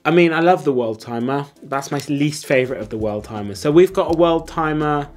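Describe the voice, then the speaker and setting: A man's voice: on the high side, fairly quick, darkish tone, soft background music. Slangy, blunt male watch vlogger. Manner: blunt, slangy and enthusiastic, with frequent fillers. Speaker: host. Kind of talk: casual watch ranking video.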